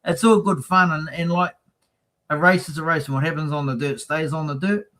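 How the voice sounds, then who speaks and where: A man's voice: on the high side, fairly even intonation, fairly quick, pushed and bright, slight background noise, poor audio. A man, a racing team guest, chatting casually and acting out quotes in his stories. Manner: chatty storyteller, acts out quotes. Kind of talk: casual chat.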